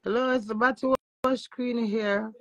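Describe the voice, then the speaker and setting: Jamaican woman, gravelly voice, brash profane patois, live-stream chat. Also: on the high side, fairly even intonation, normal speed, a bit bright, no echo, rough recording. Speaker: social media influencer.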